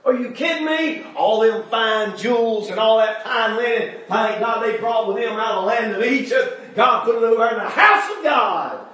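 A man preaching a sermon, calling out to the congregation and asking them questions, swinging between shouting and quiet asides. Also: high-pitched, normal speed, few pauses, roomy sound. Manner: fervent, calls out to the congregation and asks them questions.

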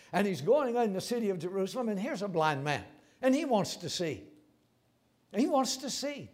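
A preacher man with a high, ringing voice. He delivers his sermon in a folksy, emphatic way, repeating phrases and stumbling into quick restarts. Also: a little mellow. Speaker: pastor.

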